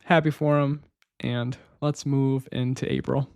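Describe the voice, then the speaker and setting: Young man, podcast host, casual music chat, eager and rambling, laughs a lot, medium pitch, dry close sound. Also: fairly even intonation, a little slow, a little mellow, clear, resonant tone, no room sound. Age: young adult. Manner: enthusiastic, rambling, laughs often, uses "like" and "man".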